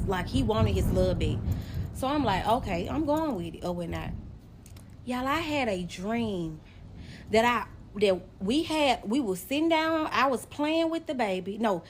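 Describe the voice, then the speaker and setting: A young woman vlogger telling a personal story straight to camera, animated and emotional, speaking directly to her viewers. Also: mid-range voice, a little hiss or hum. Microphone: phone or camera facing the speaker.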